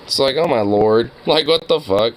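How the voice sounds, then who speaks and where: A man's voice: medium pitch, expressive, moderate pace, a little hiss or hum, poor audio. Incredulous, swearing guy streaming. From suburban Toronto, Canada. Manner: laughing, incredulous, profane. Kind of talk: casual reaction commentary.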